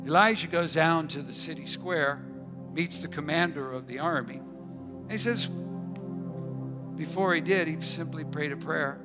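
Male preacher, emphatic, soft music behind. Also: measured pace, long pauses. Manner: preaching with emphatic repetition and sudden pitch swings. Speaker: pastor. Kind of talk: sermon.

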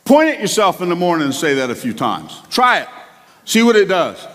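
A male pastor preaching a sermon with passion, his delivery swinging between quiet asides and loud climbs. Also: sits high, sing-song, brisk, long reverb tail.

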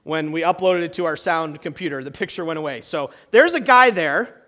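A pastor preaching to his church in a conversational way, asking the room questions and swinging between loud emphasis and quiet, hushed lines. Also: a little high, animated, a little fast. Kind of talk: sermon.

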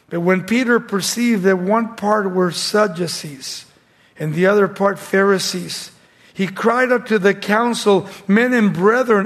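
Male radio preacher, high voice, reads verses with building emphasis. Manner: reads scripture with rising emphasis. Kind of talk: sermon with scripture reading.

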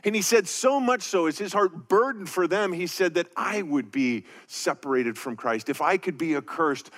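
A man preaching a verse-by-verse sermon, earnest and emphatic, slowing down to read scripture aloud. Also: fairly high pitch, fairly bright tone. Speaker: pastor. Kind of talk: sermon teaching through scripture.

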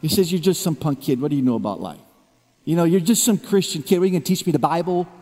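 A man preaching a sermon, telling a personal story in hushed low tones that rise into emphatic preaching. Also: lively intonation, fast. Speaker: pastor. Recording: long reverb of a large hall.

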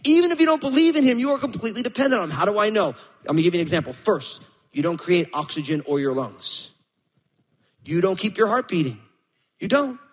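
Guy pastor preaching, high bright voice, acts out little stories, echoey church hall. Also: fast. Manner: animated storytelling, acts out quotes. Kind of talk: sermon.

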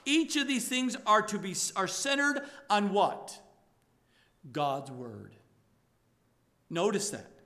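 A male pastor preaching a sermon to his congregation, emphatic and rising to loud exhortation. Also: high-pitched, animated, takes it slowly, long pauses.

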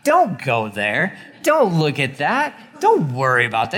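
A man in his forties preaching a sermon in a lively, conversational way, with sudden jumps in pitch and loudness. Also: unhurried. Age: 40s. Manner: animated, conversational preaching with acted-out quotes. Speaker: pastor.

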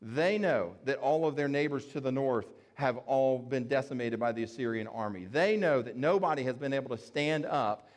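A man's voice: mid-range voice, moderate pace, hardly any pauses. A man preaching a sermon in an explanatory, conversational way, with fillers and restarts. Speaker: pastor.

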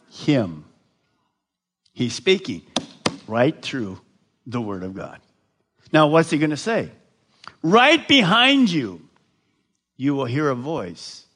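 A man preaching a sermon to a large crowd, slow and emphatic, often putting questions to his listeners. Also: mid-range voice, very animated, a bit bright, slightly rough. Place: large gathering addressed live.

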